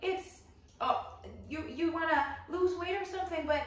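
A woman's voice: extremely high pitch, fairly even intonation, pitched above the performer's own voice. A woman voicing a fake-sweet, passive-aggressive bully who falters with false concern. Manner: sugary, halting, falsely concerned. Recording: very echoey room, voice far from mic.

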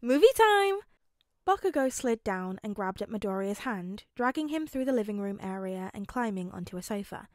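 A woman calmly narrating a fanfic as an audiobook reader. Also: mid-range voice, brisk, few pauses, no room sound, studio quality. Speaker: podfic reader.

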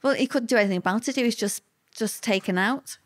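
A woman's voice: a little high, fast. A middle-aged woman, telling a personal story as an interview guest, chatty and repetitive. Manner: conversational, repeats words, lively quoted voices.

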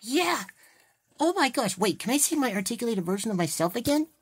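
A woman voicing an excitable cartoon girl hedgehog toy in a fan toy play, gushing and gasping with delight. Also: on the high side, a little fast, breathy edge. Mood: excited.

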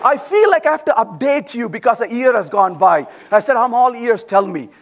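A middle-aged man giving a conference talk, animated and playful, acting out quoted voices with quick asides to the audience. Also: extremely high pitch. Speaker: conference speaker. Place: large conference hall.

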